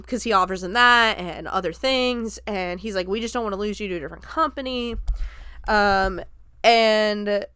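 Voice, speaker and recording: A woman's voice: medium pitch, a bit bright, clean tone, dry recording, clean studio sound. A woman hosting a podcast, casually recapping a film scene by scene, laughing often and acting out the lines she quotes. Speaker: podcast host reviewing a film.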